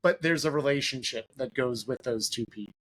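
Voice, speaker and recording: A man's voice: medium pitch, a little fast, a bit bright. A man hosting a podcast interview, talking casually and rambling with lots of "like" fillers. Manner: rambling, filler-heavy, leans on "like". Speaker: podcast host.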